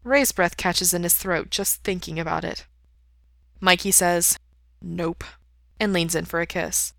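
A woman reading fan fiction aloud in steady, even narration. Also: fairly low pitch, moderate pace, gravelly, no echo. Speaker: reader.

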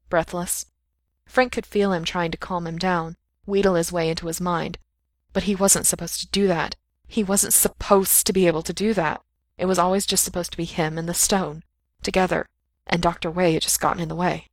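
A woman with a slightly low voice reads a fiction audiobook aloud. The recording is dry and close. She acts out the characters' cries and whispers as she goes. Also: fairly even intonation, moderate pace, creaky, dry recording. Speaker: narrator.

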